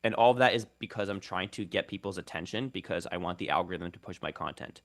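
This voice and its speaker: A young man with a fairly low voice talks as a radio guest. He explains ideas in long, fluent runs and restarts a phrase now and then. He sounds like a linguist who also makes online videos. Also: fast talker, vocal fry. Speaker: guest linguist and content creator. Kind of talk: radio interview.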